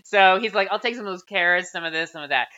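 A woman's voice: on the low side, quick pace, sharp tone. A young woman co-hosting a podcast in casual chat, cracking crude jokes and acting out what people said. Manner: crude, joking, acts out quotes. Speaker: podcast co-host. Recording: slightly muffled lo-fi recording.

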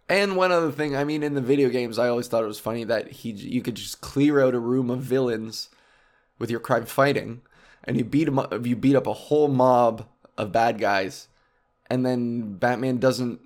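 Rambling, animated male comedian. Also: medium pitch. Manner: rambling, animated, profane, jumps between topics. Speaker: comedian podcast host. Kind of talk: casual comedic monologue.

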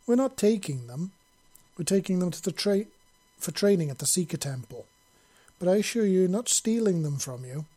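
A man reading an audiobook, voicing a steady male clan patriarch who speaks in a measured, persuasive way. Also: high voice, pitched above the performer's own voice.

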